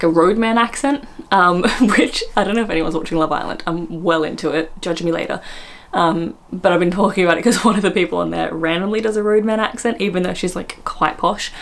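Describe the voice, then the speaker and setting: An Australian woman vlogging in casual chat, apologetic and self-mocking, often breaking into laughter. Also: on the low side.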